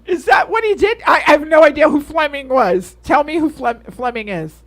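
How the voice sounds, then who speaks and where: A woman's voice: high voice, normal speed. A woman from Yonkers, co-hosting a casual late-night chat and telling stories animatedly with lots of laughter. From Yonkers, New York. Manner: animated storytelling with frequent laughter and repeated phrases. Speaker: co-host.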